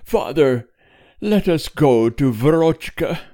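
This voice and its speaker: A sobbing priest's wife, pleading in a timid, appealing way. Her voice climbs high above the reader's own, so she sounds thin and breathless. It is a storybook reading. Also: animated, slow pace, mellow. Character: tearful timid priest's wife, middle-aged woman.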